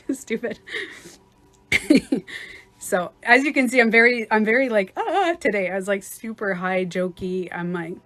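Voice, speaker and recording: A woman life coach giving a casual livestream talk, chatty and quick to laugh, acting out little scenarios as she explains. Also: mid-range voice, fairly even intonation, a bit bright.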